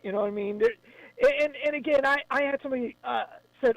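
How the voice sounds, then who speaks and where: A man talking as a guest on a radio show, enthusiastic and quick to chime in. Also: very high-pitched, gravelly, no room sound, lo-fi sound. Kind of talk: casual radio chat.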